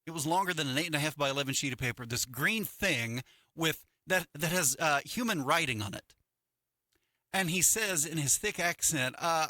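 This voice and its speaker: A middle-aged man co-hosting a morning radio show on a dry studio mic. He tells stories with a very lively, swooping delivery and a bright, forceful tone. He acts out the people he quotes along the way. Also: fairly high pitch, moderate pace, dry recording. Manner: animated storytelling with acted-out quotes. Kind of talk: casual radio chat. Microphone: studio microphone.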